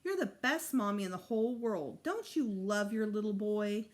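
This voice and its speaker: A woman's voice: mid-range voice, animated, moderate pace, close to an everyday voice. A woman voicing a small mischievous boy in a storybook read-aloud, sing-song and cutesy. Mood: sweet-talking.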